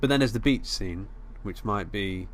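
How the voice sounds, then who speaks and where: Low-voiced hesitant man recapping a film. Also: moderate pace, a little hiss or hum. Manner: hesitant, many fillers, easygoing. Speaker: podcast co-host. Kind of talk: casual film discussion.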